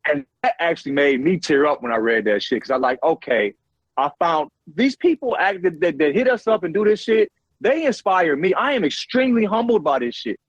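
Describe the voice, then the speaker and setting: A man speaking a bit higher than most men, rambling through stories with plenty of swearing and "you know what I'm saying." The sound is dry and close, with no room around him. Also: expressive, fairly quick, no room sound, dull audio. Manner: loose, profane storytelling with many fillers. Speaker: podcast guest. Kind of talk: casual chat.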